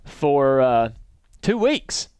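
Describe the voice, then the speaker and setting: A man hosting a podcast, telling stories in a relaxed, rambling way. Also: mid-range voice, very slow, smooth, no room sound. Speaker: podcast host. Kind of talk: casual podcast storytelling.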